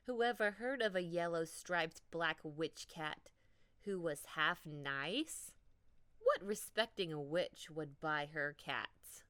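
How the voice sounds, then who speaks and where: Woman reading a kids' storybook, slow and expressive, dry close sound. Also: low-pitched, smooth, dry recording. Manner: slow, expressive, dips into whispers for drama. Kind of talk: children's storybook read-aloud.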